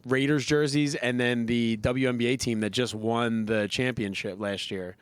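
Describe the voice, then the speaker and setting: A man's voice: medium pitch, steady tone, clean tone, no echo. Joking young man in banter. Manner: joking, quick banter with laughs. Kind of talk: casual chat.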